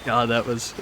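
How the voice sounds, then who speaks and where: A man's voice: medium pitch, noisy background. A man streaming a game who chats casually, laughs often and talks to his viewers. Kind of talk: casual live-stream chat.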